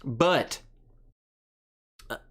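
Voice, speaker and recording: A man's voice: extremely slow, fairly bright tone. A young man hosting a casual live stream, rambling through an army story and reading viewer comments aloud. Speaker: livestream host.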